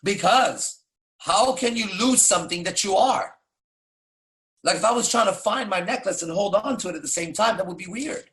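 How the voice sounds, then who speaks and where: A man's voice: sits high, lively intonation, moderate pace, fairly bright tone. A man coaching in a blunt, profane casual monologue, firing off rhetorical questions. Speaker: dating coach.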